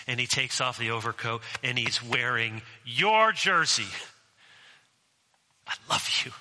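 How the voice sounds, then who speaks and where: A man's voice: mid-range voice, bright, forceful tone, long reverb tail, low-quality recording. A man preaching a sermon as pastor, conversational and mixing in humorous asides.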